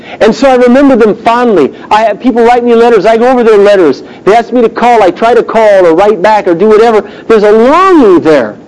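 High-voiced man teaching a Bible class. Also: expressive, a little fast, darkish tone, poor audio. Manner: joking, conversational asides between verse readings; earnest, emphatic about the text.

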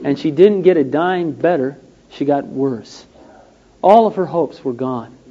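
A man's voice: fairly high pitch, unhurried. A man preaching a sermon, telling a story and acting out the quotes with rising and falling emphasis. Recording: dull lo-fi recording.

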